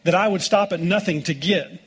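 Husky, high-voiced folksy cowboy preacher. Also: male voice, a little fast. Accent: American. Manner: folksy, joking storytelling with laughs. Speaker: pastor. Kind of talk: sermon.

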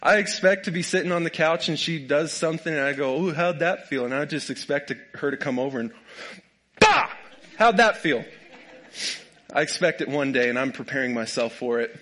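A man's voice: mid-range voice, a bit bright. A young man preaching a humorous sermon, folksy and joking, often laughing at his own stories. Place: church sanctuary with a congregation.

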